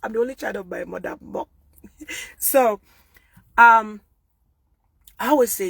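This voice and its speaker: A woman with a Nigerian accent from Akwa Ibom, speaking out in an emphatic personal monologue that swings between loud outbursts and hushed, repeated oaths. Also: a little high, a little slow, vocal fry, pauses often, breathy edge, no echo. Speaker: vlogger speaking out.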